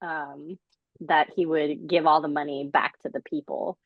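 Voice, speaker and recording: A woman's voice: deep voice, fairly even intonation, measured pace, vocal fry, no echo, narrow, tinny audio. A woman co-hosting a podcast, chiming in with casual remarks about a movie. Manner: laughs often, chimes in with reminders. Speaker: podcast co-host.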